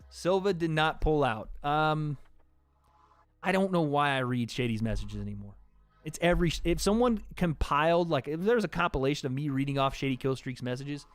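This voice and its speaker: A man's voice: a little high, no echo. A young man hosting a casual livestream, reading out donations and chatting loosely, laughing often and swearing casually.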